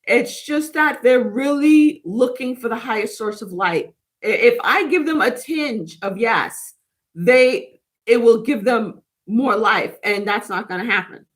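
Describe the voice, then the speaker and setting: A woman with a fairly high voice, talking in a loose, rambling way on a spiritual livestream. She chats casually with viewers and reacts to their comments as they come in. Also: a little slow. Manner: rambling, chatty, reads and answers live comments. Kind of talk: casual live chat with viewers.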